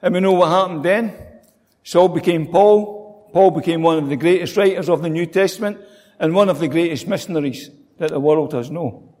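A man's voice: fairly high pitch, normal speed, a little mellow. A man preaching a sermon in a conversational way, asking rhetorical questions. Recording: long hall reverb.

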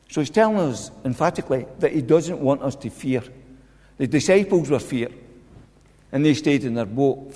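A man's voice: fairly high pitch, a little mellow. A man preaching a sermon, earnest and repeating his key lines for emphasis. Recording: long hall reverb.

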